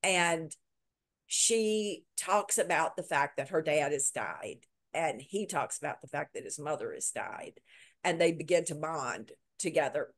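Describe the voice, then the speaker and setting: A woman author, a guest in a video interview, telling a story with lively retelling and repeating words for emphasis. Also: low voice, unhurried. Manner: lively retelling that acts out quoted lines.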